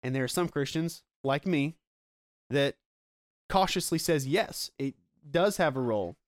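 A man preaching a sermon in an earnest, explanatory way, slowing down to stress his key points, a parent himself. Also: a little high, dry recording, studio quality. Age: adult with children. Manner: earnest, explanatory, slows down for emphasis. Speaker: pastor.

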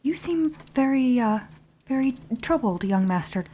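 A woman voicing a courteous, gently probing male adventurer. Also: high voice, animated, unhurried. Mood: concerned.

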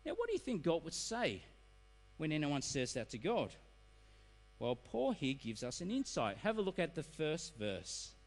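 A middle-aged man preaching a sermon, animated and acting out excuses in quoted voices. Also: on the high side, moderate pace. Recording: reverberant hall.

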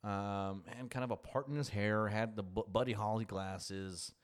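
A man's voice: lowish voice, fairly even intonation, moderate pace, smooth. A man telling a story in casual chat, rambling and restarting, laughing often.

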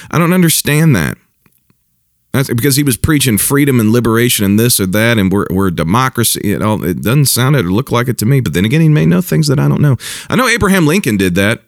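A man, a pastor, giving casual spoken commentary, halting and repeating himself, chuckling now and then. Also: fairly low pitch, no echo, studio quality. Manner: halting and repetitive, with chuckles and mocking mimicry.

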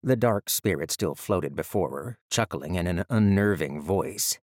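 A man narrating an audiobook in a steady, measured storytelling manner. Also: low-pitched, dry recording, studio quality.

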